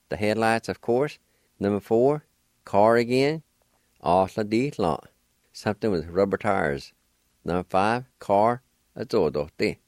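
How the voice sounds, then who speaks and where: A middle-aged man with a lowish, slightly mellow voice teaches vocabulary on the radio, spelling each word out letter by letter at an unhurried pace. It's a slow, deliberate language lesson, recorded at studio quality with no room sound.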